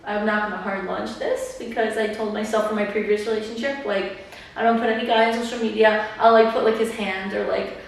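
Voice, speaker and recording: A young woman podcast host chats casually, leaning heavily on "like" and acting out what other people said. Her mid-range voice is fairly even and fairly quick with some vocal fry. The room is echoey and she sits a bit off-mic, far from it.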